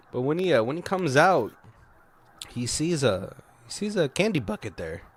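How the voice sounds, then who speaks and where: A man co-hosting a casual movie commentary chat, rambling, swearing freely and acting out characters' lines in quick voices. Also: a little high, sing-song, slightly rough. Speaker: podcast co-host.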